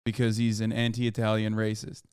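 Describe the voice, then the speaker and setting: A man streaming a reaction, talking casually with profane, mocking asides and bursts of excitement. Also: on the low side, normal speed, clear, resonant tone, dry recording, clean studio sound.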